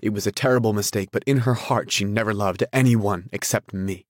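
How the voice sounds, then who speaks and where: A man's voice: sits low, fairly even intonation, moderate pace, no echo, studio quality. Gatsby, a man playing an earnest polite suitor. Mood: insistent. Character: polite, earnest romantic man, quietly intense.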